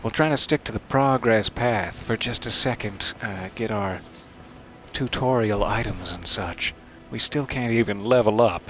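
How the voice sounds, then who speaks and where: A man's voice: on the low side, fairly bright tone, slight background noise. A man giving casual let's-play commentary, making wry joking asides to his viewers and sometimes dropping into a mutter. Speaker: streamer playing a video game.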